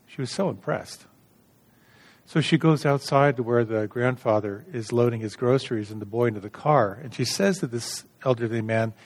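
A middle-aged man giving a dharma talk as a meditation teacher, calm and gentle, telling stories with light humor. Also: mid-range voice, moderate pace.

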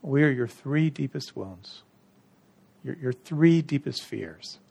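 A man voicing three baffled demons in a teaching story, sounding bewildered and questioning in a gravelly voice. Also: medium pitch, expressive, takes it slowly, a little mellow, exaggerated voice.

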